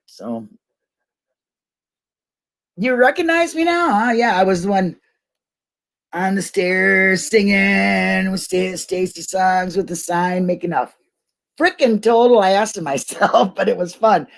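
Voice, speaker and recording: A woman's voice: medium pitch, unhurried, gravelly. A woman hosting a casual livestream, rambling and laughing as she talks to her viewers. She gets emotional easily. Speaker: YouTube livestream host.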